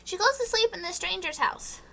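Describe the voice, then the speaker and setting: A woman streamer with a very high, bright voice chats casually into a desk microphone. She giggles often and slips into silly character voices while she talks. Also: animated, fairly quick, gravelly. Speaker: streamer reviewing a film. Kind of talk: casual chat on a live stream.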